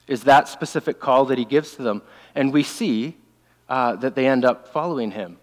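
A man's voice: medium pitch, animated, normal speed. A male preacher delivering an earnest sermon, stressing and repeating his main points. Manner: earnest, emphatic, repeats key phrases. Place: church sanctuary. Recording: long reverb of a large hall.

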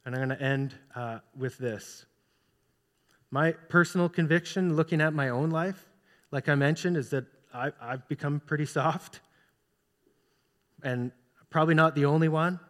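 A man's voice: a little high, a bit bright. A man preaching a sermon as pastor, earnestly putting rhetorical questions to his congregation. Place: church sanctuary. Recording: long reverb of a large hall.

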